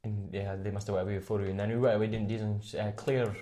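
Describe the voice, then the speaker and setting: Fast-talking young Scottish man. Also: fairly low pitch, flat delivery, warm tone. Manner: rambling storyteller, chatty, swears and catches himself. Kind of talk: casual chat.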